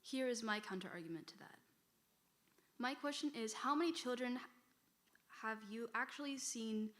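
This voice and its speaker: A woman's voice: on the high side, fairly bright tone. A female student debater making a rebuttal in a church hall, posing rhetorical questions to the audience.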